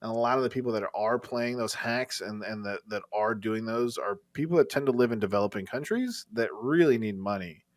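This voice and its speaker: A man's voice: on the low side, fairly quick, few pauses, no room sound, studio quality. A man co-hosting a gaming podcast in casual chat, rambling and swearing freely as he talks. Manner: rambling, profane, candid. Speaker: podcast co-host.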